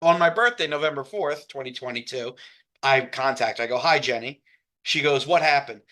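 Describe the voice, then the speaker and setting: A man's voice: mid-range voice, normal speed, pushed and bright. A man in casual chat, animatedly retelling a text exchange and acting out both sides. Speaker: co-host. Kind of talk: casual chat, reading out chat messages.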